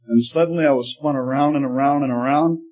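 Man as a husky, earnest talking teacup, storybook parable, slightly muffled recording. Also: medium pitch, fairly even intonation, fast talker, lightly acted. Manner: earnest storytelling, pleading at times. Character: talking teacup, once clay, tested and changed.

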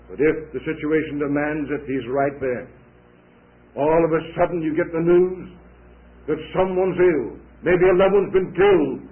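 A male preacher delivers a sermon with steady emphasis, repeating key words and sinking into quiet, low phrases. The sound is thin and tinny, with a narrow, phone-like band. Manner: emphatic and repetitive, drops to soft low phrases. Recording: tinny lo-fi recording.

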